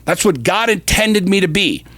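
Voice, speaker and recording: A man co-hosting a podcast who rants forcefully and profanely, repeating lines for emphasis and swinging between loud outbursts and low, intense stretches. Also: lively intonation, moderate pace, no echo. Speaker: podcast co-host. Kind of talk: heated podcast rant.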